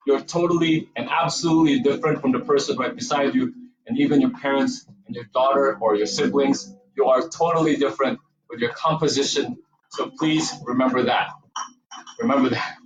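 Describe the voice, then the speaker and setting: Speaking at a slightly quick pace in a steady, mid-range voice, a Cebuano-accented Filipino man teaches movement in a dance studio. He counts, cues the breath and encourages his students, captured from a distance with reverb and the highs cut off.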